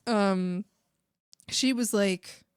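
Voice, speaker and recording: Speaking very slowly at medium pitch, the art streamer has a clear, resonant voice captured cleanly in a studio with no echo. The young woman draws while chatting in a rambling, emphatic style packed with fillers and restarts.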